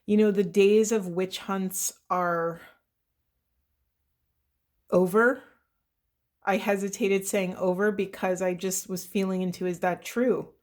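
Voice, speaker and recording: A middle-aged woman giving an intuitive card reading as a spiritual coach, speaking softly and earnestly, with many pauses and fillers. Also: medium pitch, fairly even intonation. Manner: soft, earnest and meandering, with many fillers and "right?". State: voice shaking with emotion.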